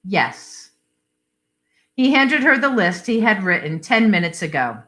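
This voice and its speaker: Woman, story reader, measured narration, bright voice, lively pitch. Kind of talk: reading short stories aloud.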